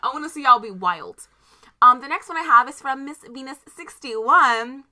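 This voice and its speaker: A woman's voice: sits high, expressive, normal speed, bright, forceful tone. A young woman from Maryland, co-hosting a casual chat and animatedly telling a story, laughing and acting out the voices. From Maryland, USA. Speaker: podcast co-host.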